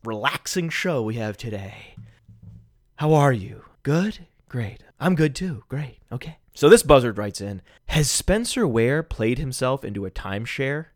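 A man hosts a solo sports podcast, sarcastic and pretending to stay calm before he erupts into shouting. His voice sits at an ordinary middle pitch. The recording is close and dry, with no room sound. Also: no room sound. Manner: mock-calm, bursting into shouts. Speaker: fantasy football podcast host. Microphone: studio microphone.

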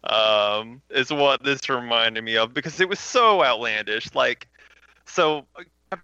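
A man's voice: medium pitch, a little slow, pushed and bright, clear, resonant tone, no room sound, highs cut off. A man co-hosting a casual podcast, laughing often and sounding incredulous at a ridiculous comic. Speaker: podcast co-host.

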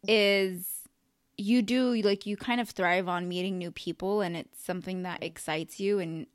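A woman's voice: medium pitch, fairly even intonation, moderate pace, clean tone, no room sound, clean studio sound. A woman in her late twenties hosting a podcast, talking casually and rambling through her thoughts with frequent fillers and laughter. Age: 20s. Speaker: podcast host. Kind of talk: casual interview chat.

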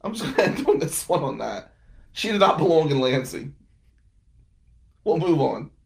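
A man's voice: a little high, very animated, moderate pace, vocal fry, darkish tone. A man casually telling wry stories about past roommates and girlfriends, with frequent laughing asides. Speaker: podcast guest telling stories. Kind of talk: casual storytelling.

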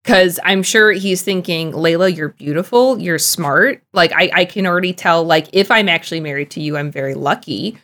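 A woman's voice: fairly low pitch, a little fast, hardly any pauses. Young woman podcasting, chatty, lots of likes, gets fired up sometimes. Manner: chatty, lots of "like" fillers, animated bursts. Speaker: podcast co-host. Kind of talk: casual discussion of a TV show.

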